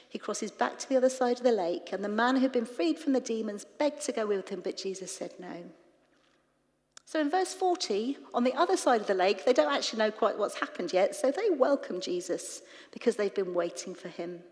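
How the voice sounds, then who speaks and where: A woman preaching in church, retelling scripture with lively, animated asides to the congregation. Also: a little high, a little fast. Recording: reverberant church hall.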